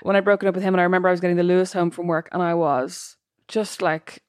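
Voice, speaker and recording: A woman's voice: on the low side, steady tone, fast, no echo, clean studio sound. A woman co-hosting a casual chat podcast, talking things through with lots of "like" and "you know". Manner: reflective, talks things through with many fillers. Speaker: podcast co-host.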